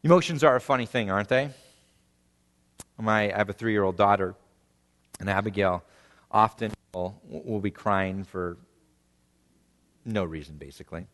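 A man in his thirties preaching a sermon, swelling to emphatic peaks and dropping to hushed, quiet phrase endings. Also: lowish voice, normal speed, long pauses, big-room sound. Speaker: pastor.

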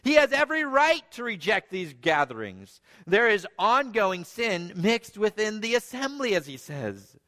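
A man's voice: sits high, very animated, a little slow, few pauses, big-room sound. A man preaching a sermon, earnest, dropping to near-whispers and rising to emphatic passages. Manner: earnest preaching, swinging between hushed and emphatic.

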